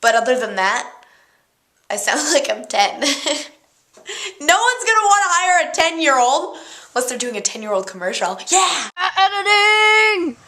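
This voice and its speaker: Bright, girlish young woman vlogging. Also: sits high, very animated, normal speed, long pauses. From Canada. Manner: chatty, easily distracted, giggly. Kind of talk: casual chat.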